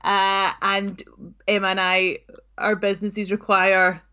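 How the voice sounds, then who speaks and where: A woman's voice: mid-range voice, completely flat delivery, slow, sharp tone, clear, resonant tone, highs cut off. Giggly, frank woman co-hosting a podcast. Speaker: podcast co-host. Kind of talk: casual chat.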